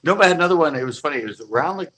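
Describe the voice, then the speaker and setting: A man's voice: fairly high pitch, lively intonation, racing, sharp tone. A man hosting a live stream, telling a story in a rambling, loose way with frequent laughter. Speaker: fishing channel host.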